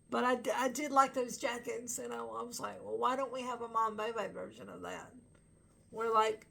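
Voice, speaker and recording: A woman's voice: on the high side, vocal fry, fairly bright tone. A woman chatting casually as a fan vlogger, rambling with lots of fillers and bursts of laughter. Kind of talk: casual chat to camera.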